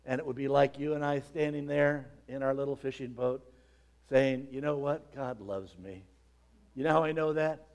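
Reading from scripture and unpacking it, a man preaches at a moderate pace in a creaky voice. He sinks low and quiet, then climbs to dramatic shouted climaxes.

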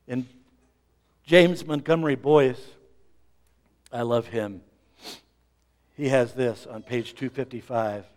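A middle-aged man preaching a sermon as pastor, swinging between loud emphasis and quiet asides. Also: medium pitch.

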